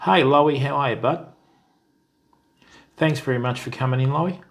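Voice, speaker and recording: An Australian man with a mid-range, moderately paced, slightly bright voice hosts a fishing live stream, chatting easily with viewers. He's friendly, greets them by name, and addresses people as mate and bud.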